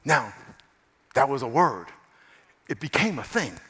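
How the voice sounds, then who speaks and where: A male pastor preaching a sermon, emphatic and repetitive, swinging between loud stress and hushed passages. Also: medium pitch, big pitch swings, a little slow, breathy edge, long reverb tail. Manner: repeats phrases for stress.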